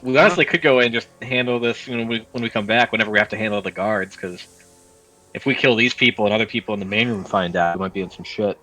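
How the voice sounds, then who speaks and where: A man playing a tabletop game, chatting in a casual way and planning out loud. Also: lowish voice, fast talker, faint music behind, poor audio. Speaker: player.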